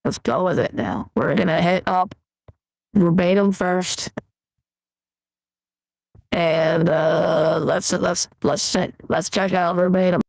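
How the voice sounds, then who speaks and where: A man's voice: high voice, takes it slowly, gravelly, pauses often, no room sound, rough recording. A man hosting a casual live stream, rambling as he sets up his gear and greets viewers before reviewing their mixes. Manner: relaxed, rambling, talks through tech setup.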